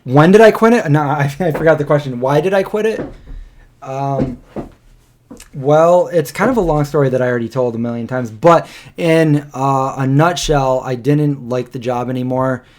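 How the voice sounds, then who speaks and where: A man's voice: medium pitch, normal speed, darkish tone. A man in his thirties co-hosting a casual livestream podcast, rambling through a personal story and acting out what people said. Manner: rambling storyteller, acts out quotes. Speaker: podcast co-host.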